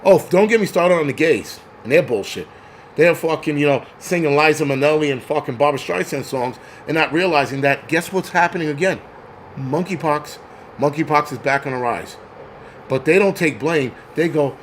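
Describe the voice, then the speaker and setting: A New York man hosts a crude, angry livestream rant, mocking people in put-on voices as he goes. His voice is on the high side at a normal speed, with slight background noise.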